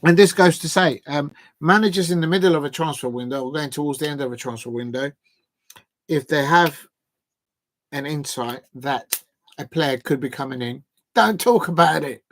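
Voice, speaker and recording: A man's voice: fairly high pitch, normal speed, fairly bright tone. A man hosting a live football transfer show, chatty and hesitant, with lots of fillers as he reads out quotes.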